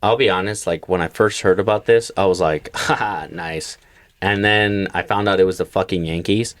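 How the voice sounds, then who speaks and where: A man's voice: low-pitched, fairly even intonation, normal speed. A young man co-hosting a casual comedy podcast, talking loosely, cursing freely and laughing often. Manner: loose, profane, laughs often, slips into silly voices. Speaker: podcast co-host.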